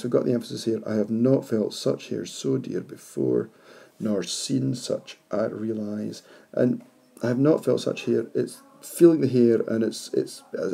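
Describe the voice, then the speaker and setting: Gravelly, dark-voiced male teacher. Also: mid-range voice. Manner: reflective, poses questions to students. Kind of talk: classroom poetry analysis.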